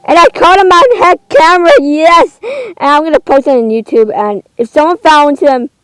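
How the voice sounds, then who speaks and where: A woman's voice: high voice, expressive, normal speed, dry recording, rough recording. A woman giving casual gameplay commentary, indignant and exclaiming, rambling between outbursts. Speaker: gamer.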